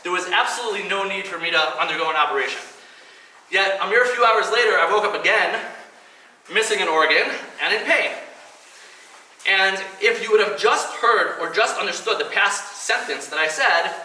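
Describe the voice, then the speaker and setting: A man's voice: high voice, normal speed, bright, forceful tone. Earnest man speaking in an echoey hall. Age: 30s. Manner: earnest storytelling, acts out quoted voices. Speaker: speaker at a kidney donation event. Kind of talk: personal speech to an audience. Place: event hall. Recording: echoey hall, mic at a distance, faint noise.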